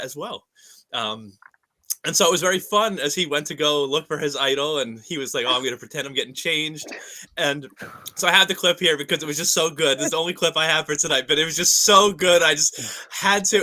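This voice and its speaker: A man's voice: fairly high pitch, sharp tone. A man hosting a podcast recap, chatting casually with lots of fillers and laughter. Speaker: podcast host. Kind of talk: casual chat.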